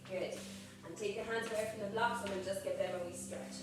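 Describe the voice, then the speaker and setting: A woman's voice: medium pitch, fairly even intonation, fast. A woman yoga teacher guiding a live group class, calling out poses and breaths in an encouraging way. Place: group exercise studio. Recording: echoey room, voice far from mic, background noise.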